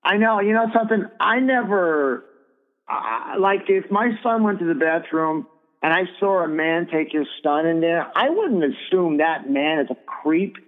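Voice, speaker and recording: A middle-aged man hosts a radio talk show, speaking bluntly and indignantly and swearing freely. His voice sits a little high for a man. The audio is thin and phone-like, with a long reverb trailing behind it. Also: animated, unhurried.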